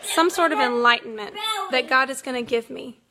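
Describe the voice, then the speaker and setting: A woman's voice: high voice, normal speed, background noise. A woman in her thirties chatting casually to camera at home, laughing through her story with lots of fillers. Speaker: mother vlogging. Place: home, kids nearby.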